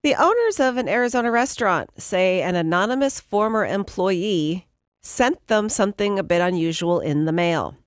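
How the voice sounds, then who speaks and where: A woman's voice: mid-range voice, expressive, normal speed, no room sound, clean studio sound. A woman reading offbeat news stories on a morning radio show in an upbeat way. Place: radio studio. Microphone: studio mic.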